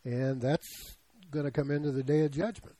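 A man's voice: on the high side, steady tone, normal speed, mellow, poor audio. A man in his seventies preaching a sermon in a conversational way, often putting questions to the congregation. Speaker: pastor.

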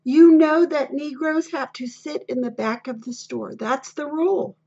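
A woman's voice: high voice, takes it slowly, creaky, full character voice. A woman reading the part of a hostile male shoe store clerk who scolds sharply, on a dull lo-fi recording.

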